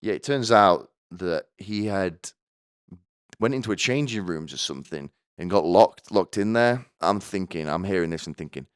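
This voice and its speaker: A man's voice: low voice, lively intonation, normal speed, clean tone, no echo, studio quality. A young man hosting a podcast, telling rambling comic stories with stammering restarts and crude offhand jokes. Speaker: podcast host.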